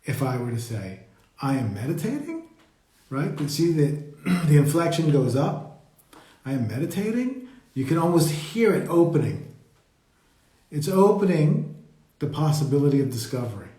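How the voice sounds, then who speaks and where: A man leading a live meditation talk, speaking slowly and reflectively and greeting viewers as they join. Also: on the high side, lively intonation, mellow. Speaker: meditation teacher. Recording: roomy echo.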